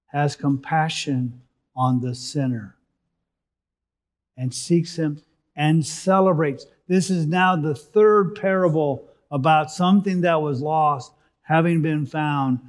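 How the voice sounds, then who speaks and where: A man delivering a sermon at a slow, deliberate pace, his voice sitting a little high for a man. He reads scripture and explains it, lifting his voice for emphasis and then letting it fall quiet. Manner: expository, rising for emphasis then dropping softly. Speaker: preacher.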